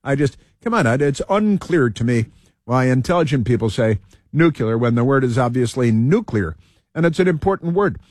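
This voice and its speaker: A male talk show host who rambles through a heated political monologue, stumbling over fillers and restarting his sentences. His voice sits at an ordinary middle pitch. The sound is dry and close, with no room around it. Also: expressive, normal speed, darkish tone, no echo.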